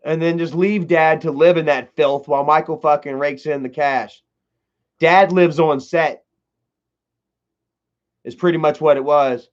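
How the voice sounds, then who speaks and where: A man's voice: fairly high pitch, steady tone, unhurried, long pauses. A man telling a family story on a livestream, rambling and swearing, with many fillers. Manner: profane, rambling, heavy fillers. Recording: dull lo-fi livestream audio.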